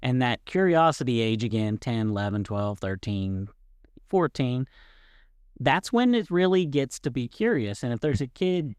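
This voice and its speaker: A man's voice: mid-range voice, very animated, moderate pace, a little mellow, clean tone, no echo, studio quality. A man hosting a Christian podcast, talking earnestly and casually with frequent ums, giving parents advice. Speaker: podcast host. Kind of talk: casual faith podcast chat.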